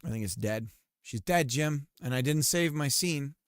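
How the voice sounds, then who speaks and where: A man streaming while he works on a game, chatting casually, rambling with fillers and cursing at his software. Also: medium pitch, moderate pace, clean tone, dry recording, clean studio sound. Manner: rambling and self-deprecating, swears often, many fillers. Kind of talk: casual live-stream chat while working.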